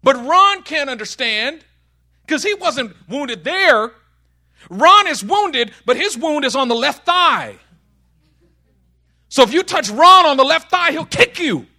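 A man preaching a sermon, telling a story and acting out the voices in it, dropping to a hush and then rising to shouts. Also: very high voice, lively intonation, slow. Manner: storytelling with acted voices, swings from hushed to shouting.

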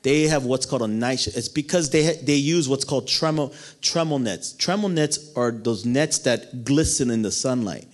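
A man preaching a sermon in a playful, animated way, acting out the people in the story and laughing often. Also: medium pitch, normal speed, few pauses.

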